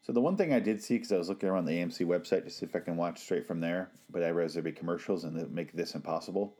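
A man's voice: low voice, racing, mellow. A man giving casual, sarcastic and profane watch-along commentary on a TV show.

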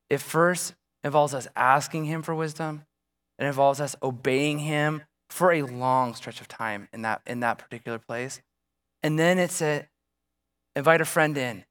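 During a sermon, a man serving as pastor tells a personal story conversationally and poses rhetorical questions to the congregation. His voice is medium in pitch with a fairly bright tone.

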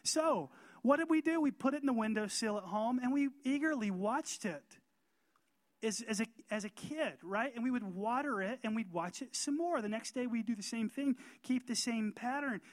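A man from North Carolina preaching a sermon as pastor, emphatic and slowing down to stress key words, often asking his congregation questions. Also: very high voice.

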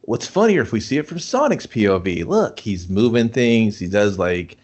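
A man co-hosting a casual movie podcast, animated and profane, acting out scenes as he talks. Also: on the low side, normal speed, husky, highs cut off. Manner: animated, swearing, acts out scenes. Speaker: podcast co-host. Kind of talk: casual chat.

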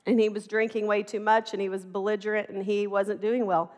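A middle-aged woman preaching a sermon in an animated, conversational way, acting out the voices in her stories. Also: medium pitch, fairly quick, long reverb tail.

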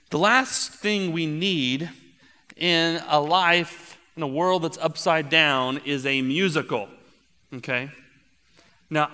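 Animated man preaching a sermon in a reverberant hall. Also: fairly high pitch. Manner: animated, storytelling with playful asides. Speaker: pastor.

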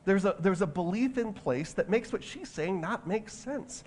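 A man delivers a sermon as if he were chatting with the room, often stopping and restarting his sentences. His voice sits a little higher than most men's. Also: animated, normal speed, a little mellow. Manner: conversational, with many restarts and asides. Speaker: pastor.

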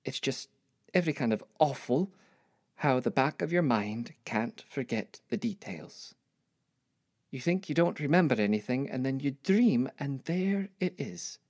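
A woman's voice: a bass voice, breathy edge, dry recording, studio quality. An older woman telling her life story as a reflective dramatic monologue with wry asides. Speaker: narrator.

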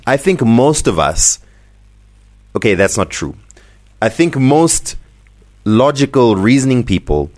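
A man from Zimbabwe co-hosts a casual podcast and rants with a lively, swooping delivery. His voice sits on the low side, and he laughs often between points. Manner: animated ranting, laughs often. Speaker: podcast co-host.

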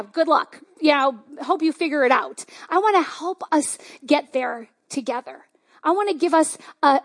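A woman pastor giving a conversational, enthusiastic sermon with lots of fillers. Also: high-pitched.

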